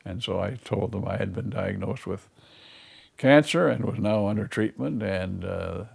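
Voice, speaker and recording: Man, gravelly, husky, low-pitched, plain-spoken interview. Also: measured pace, darkish tone. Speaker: patient's husband. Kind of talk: interview testimony.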